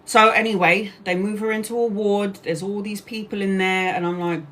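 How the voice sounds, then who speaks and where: Speaking at normal speed in a mid-range voice with hardly any pauses, a tarot reader in her forties livestreams an angry retelling of something that happened to her. She swears, stays animated, and voices the quotes of others for her viewers.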